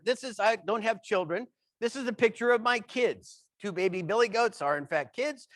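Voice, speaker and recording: A man giving a humorous keynote talk, telling anecdotes with an animated, playful delivery. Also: high voice, normal speed, no room sound. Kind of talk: comic keynote storytelling.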